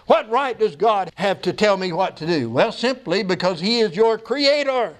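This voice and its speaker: Older male pastor, sermon delivery, high voice, emphatic questions and homespun asides. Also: expressive, moderate pace. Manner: preaching with rising emphatic questions and folksy asides.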